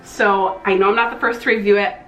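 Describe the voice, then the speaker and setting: A young woman with a twang, gushing excitedly as she reviews a makeup palette in a casual vlog. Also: mid-range voice, brisk, reverberant, faint music behind, low-quality recording. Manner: gushing, excitable, slangy, with breathy exclamations. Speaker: beauty vlogger.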